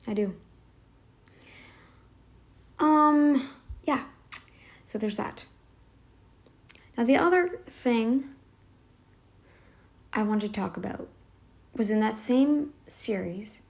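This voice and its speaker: A woman with a slightly high voice talks straight to her viewers in a casual commentary. She is emphatic and sarcastic, and she keeps piling up rhetorical questions. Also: lively intonation, very slow, gravelly, long pauses. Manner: sarcastic, addresses listeners directly. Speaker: reaction channel host.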